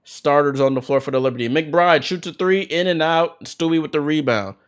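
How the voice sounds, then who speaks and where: Excitable man calling a basketball watchalong. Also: on the high side, moderate pace, clear, resonant tone. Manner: excited fan calling plays, bursts of hype. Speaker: watchalong host doing play-by-play. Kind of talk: fan play-by-play commentary.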